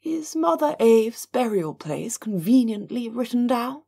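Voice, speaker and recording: A woman's voice: fairly high pitch, big pitch swings, measured pace, creaky, warm tone, slightly rough, voice pushed up, full character voice. A woman reading an audiobook, voicing a dry, sarcastic middle-aged noblewoman.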